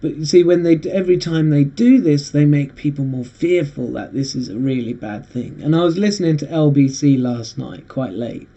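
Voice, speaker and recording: A man hosting a casual monologue, rambling and halting with frequent restarts. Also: a little high, dark tone. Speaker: host. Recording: dull lo-fi recording.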